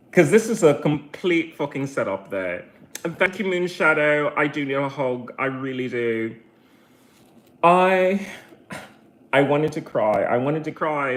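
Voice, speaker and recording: A man from Brazil ranting at his livestream chat, swearing heavily, telling a story and mocking people in put-on voices. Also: on the high side. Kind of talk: angry livestream rant.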